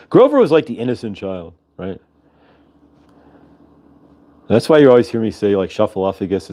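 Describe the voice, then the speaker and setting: A man hosting a casual livestream, chatting in a rambling way over a video call. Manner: rambling, chatty, lively pitch swings. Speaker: host.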